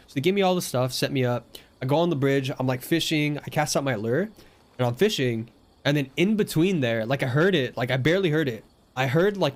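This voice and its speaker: Rambling young man telling a game story. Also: medium pitch. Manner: rambling, filler-heavy, animated quoting of others. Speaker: storyteller recounting a game session. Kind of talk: casual storytelling.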